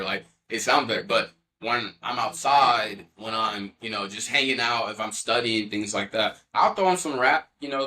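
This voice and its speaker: Bright-voiced young man sharing testimony. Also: mid-range voice. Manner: earnest, loose, heavy on "you know" fillers. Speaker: podcast guest. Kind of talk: casual testimony storytelling.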